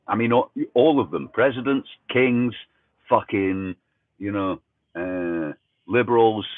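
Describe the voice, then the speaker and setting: A man's voice: fairly low pitch, no room sound. A man from Fife with a Fife Scottish accent, delivering a sardonic, profane ranting monologue as a commentary host. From Fife, Scotland. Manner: sardonic, profane, conspiratorial asides. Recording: tinny phone-like dry sound.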